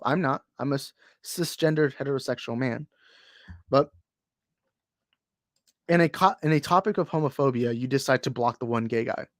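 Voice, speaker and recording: A man's voice: medium pitch, no room sound, studio quality. A young man co-hosting a podcast in casual chat, rambling and heated, full of restarts. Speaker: podcast co-host.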